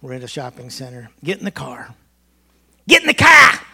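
A woman's voice: rumbling low, quick pace, vocal fry. Man doing a mad Massachusetts mom. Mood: scolding. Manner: stern, scolding, shouting orders. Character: angry scolding mother of a young boy.

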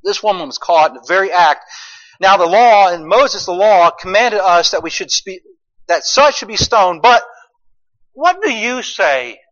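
High, bright-voiced male preacher. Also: highs cut off. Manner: swings from quiet asides to loud emphatic preaching; asks the congregation rhetorical questions. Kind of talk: sermon.

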